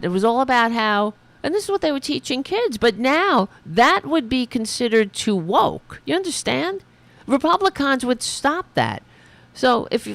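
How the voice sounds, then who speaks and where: A woman's voice: fairly low pitch, a bit bright, no echo. A middle-aged woman hosting a political commentary podcast, ranting angrily and swearing a lot. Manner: angry, profane ranting. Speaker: podcast host.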